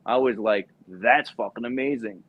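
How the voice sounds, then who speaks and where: A young former Marine recruiter tells a profane story casually, acting out the voices of the people in it with animated energy. His voice is medium-pitched at a moderate pace, captured in dull lo-fi podcast audio.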